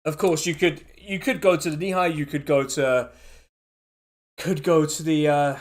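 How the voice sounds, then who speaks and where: Man, fairly high voice, game master, talkative and giggly. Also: steady tone, normal speed. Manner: chatty, laughs often, restarts sentences. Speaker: dungeon master. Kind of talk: running a tabletop game.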